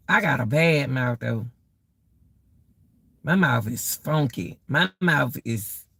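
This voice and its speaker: A middle-aged woman hosts a live stream and rants to her viewers in a slow, drawn-out way. Her voice is gravelly with a bright, tense edge. The sound is dry, and she keeps circling back to the same exclamations. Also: lowish voice, no echo. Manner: exclaiming, repeats herself, addresses viewers as y'all. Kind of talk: casual live-stream rant.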